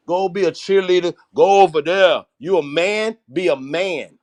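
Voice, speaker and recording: On this political livestream, the host is a man with a high voice and a darkish tone, speaking at normal speed. His delivery is blunt and emphatic, full of profanity.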